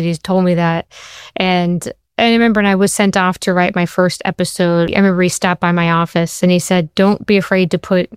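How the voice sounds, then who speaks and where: A woman's voice: lowish voice, clean tone, dry recording, clean studio sound. A middle-aged woman, a television writer, telling stories in an interview and acting out the lines of others. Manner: animated, acts out quotes, fast bursts. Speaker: TV writer and show creator. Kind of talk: interview storytelling.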